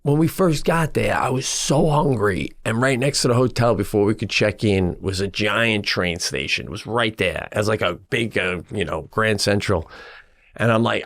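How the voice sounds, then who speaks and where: A middle-aged man co-hosting a podcast, telling a story in a casual, animated way and acting out his own exasperated lines. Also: fairly low pitch, a little slow. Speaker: podcast co-host.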